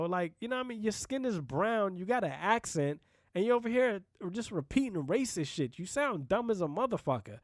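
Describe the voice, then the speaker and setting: Blunt, profane high-voiced male podcaster. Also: expressive, fairly quick, no room sound, studio quality. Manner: blunt, profane, conversational, with frequent "you know what I mean" asides. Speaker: podcast host. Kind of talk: casual solo podcast monologue.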